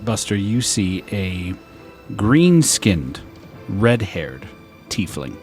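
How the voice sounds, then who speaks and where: Man, tabletop player, slow talker, bantering, music behind. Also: on the low side, big pitch swings. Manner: joking, bantering. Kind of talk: playing a tabletop game.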